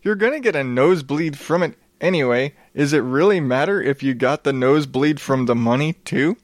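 A show host delivers a comedic, profane rant on odd news stories, his tone sarcastic, his language full of swearing, with frequent restarts and an occasional sniffle. His medium-pitched voice moves at normal speed, recorded at studio quality without echo.

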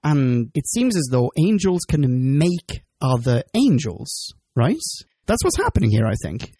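Male podcast co-host, mid pitch, rambling and giggly, dry close sound. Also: big pitch swings, measured pace, mellow, breathy edge, no room sound. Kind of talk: casual chat.

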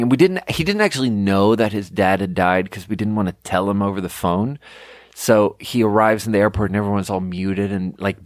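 Low-voiced rambling man, dry close mic. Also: darkish tone, no echo. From Sweden. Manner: rambling, profane, self-deprecating storytelling. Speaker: podcast host. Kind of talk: casual monologue. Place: home room.

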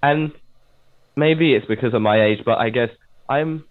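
A man from England co-hosting a casual talk about poetry. He speaks in a measured, hedging way and thinks aloud as he explains. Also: mid-range voice. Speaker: podcast co-host. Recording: tinny phone-like line.

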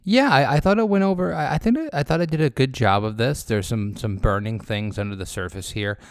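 A man's voice: mid-range voice, brisk, no echo, studio quality. A man co-hosting a podcast, giving blunt, short replies with stammered starts. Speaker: podcast co-host. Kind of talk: casual chat.

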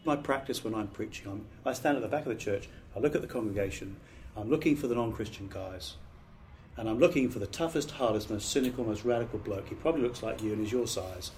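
A man's voice: fairly low pitch, fast talker, darkish tone, slight background noise. A middle-aged British man, a pastor, giving a training talk on preaching in an earnest, emphatic, conversational way with restarts. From Britain.

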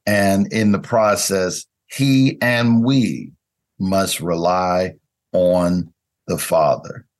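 A man's voice: deep voice, extremely slow. A man hosting a conversational Bible study lesson, speaking unhurriedly with frequent fillers and restarts.

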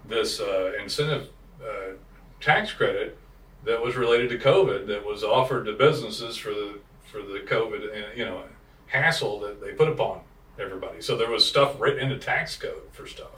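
A man's voice: on the low side, normal speed, fairly bright tone, echoey room, far from the mic. A man co-hosting a casual podcast chat, blunt and profane, rambling through stories about clients. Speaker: podcast co-host, digital marketing business owner.

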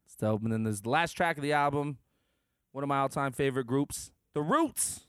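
A man's voice: medium pitch, brisk, smooth, no room sound, studio quality. A man co-hosting a casual podcast chat, laid-back and enthusiastic, swearing freely. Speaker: podcast co-host.

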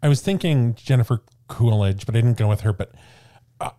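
Thoughtful, mellow-voiced man on a podcast. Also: medium pitch, expressive, brisk. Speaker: podcast co-host. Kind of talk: casual chat.

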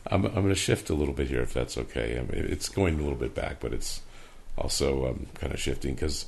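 A man hosting a podcast interview, gentle and affirming, hesitant with many fillers. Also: a bass voice, fairly quick, creaky. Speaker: podcast host. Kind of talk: casual interview.

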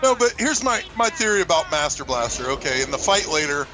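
A man's voice: a little high, sing-song, fairly quick, crowd noise. A man eagerly telling stories in a film commentary chat, stumbling over his words. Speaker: commentary co-host.

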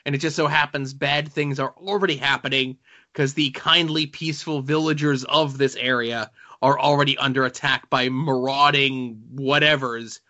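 A man's voice: medium pitch, steady tone, normal speed, pushed and bright. A man co-hosting a podcast, chatting casually and joking as he rambles with fillers about comics and TV. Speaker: podcast co-host. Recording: dull lo-fi sound.

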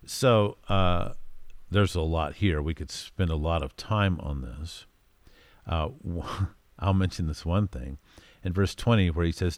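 A man with a very low voice teaching from scripture in a loose, conversational way. He often pauses with fillers and leans on the verses as he reads them out. The sound is dry and close. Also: dry recording. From United States. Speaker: Bible teacher. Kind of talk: informal Bible teaching.

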